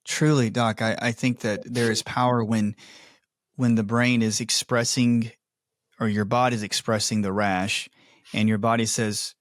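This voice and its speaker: A man with a lowish voice hosts a podcast conversation and sums up his guest's point in a reflective way. The sound is close and dry. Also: flat delivery, a little slow, no room sound. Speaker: podcast host. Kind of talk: casual interview chat.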